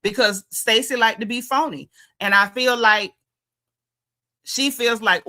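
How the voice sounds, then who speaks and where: A Southern American woman hosting a loose livestream recap, her voice bright and punchy. She talks in a sassy, emphatic, down-home manner, leaning hard into her points and repeating them for effect. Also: medium pitch, normal speed. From Southern United States. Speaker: show recap host. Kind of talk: casual livestream commentary.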